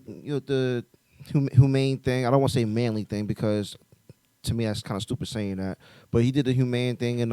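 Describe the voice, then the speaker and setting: A man's voice: medium pitch, a little mellow, no room sound. A man hosting a casual podcast, laid-back and full of ums as he moves between topics. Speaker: podcast host.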